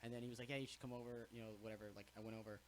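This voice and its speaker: As a podcast host, a young man chats casually, spinning animated stories, swearing freely, and slipping into other people's voices to act out quotes. His voice is mid-pitched and his pace very fast. A faint hiss runs beneath the recording.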